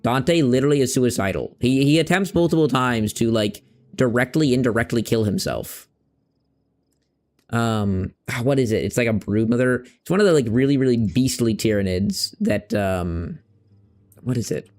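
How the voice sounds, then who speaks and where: A man's voice: mid-range voice, expressive, moderate pace, a little mellow, faint music behind. Rambling young man chatting mid-game. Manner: rambling, loose slang, searching for words. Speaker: streamer. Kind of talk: casual chat while playing a game.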